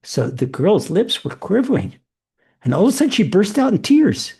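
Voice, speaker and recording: A rabbi telling stories in a lecture to a live audience, animated and often repeating and restarting his words. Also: sits high, normal speed, creaky, breathy edge. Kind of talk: storytelling Torah lecture.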